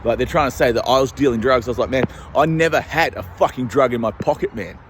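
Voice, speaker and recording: A young Australian man talks on the move through city streets, rambling from one aside to the next with constant swearing. His voice sits in an ordinary middle pitch and carries a faint hum of traffic behind it. He records on a handheld phone as he walks. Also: fast talker. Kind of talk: rambling walking vlog.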